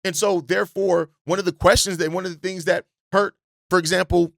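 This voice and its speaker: A man's voice: sits high, fairly even intonation, brisk, gravelly, dry recording, studio quality. A male sports podcast host giving passionate, profane fan commentary, often repeating words as he gets worked up.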